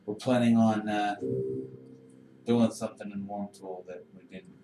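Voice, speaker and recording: A man playing a tabletop game, speaking in a halting, casual way. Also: fairly low pitch, steady tone. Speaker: player. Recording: roomy distant mic with noise.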